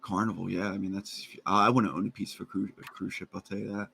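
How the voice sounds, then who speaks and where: A man's voice: low-pitched, flat delivery, quick pace, gravelly, sharp tone, breathy edge, dry recording. Blunt, swearing man on a voice call. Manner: blunt, profane, rambling. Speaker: Discord voice chat participant. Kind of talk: casual group chat about stocks.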